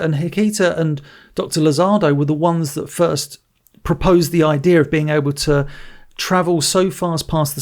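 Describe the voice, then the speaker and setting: A man with a high-pitched voice hosts a casual movie podcast. He tells the story in an animated way, stumbling and restarting as he goes. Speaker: podcast host. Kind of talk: casual movie review chat.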